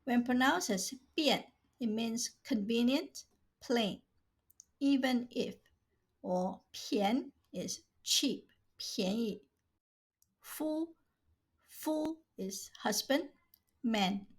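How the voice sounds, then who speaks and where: A woman slowly reading out vocabulary as a teacher, saying each word twice and then giving short meanings. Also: on the high side, animated, breathy edge. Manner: slow, careful, says each word twice. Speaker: language teacher. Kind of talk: slow vocabulary drill, reading words and glosses.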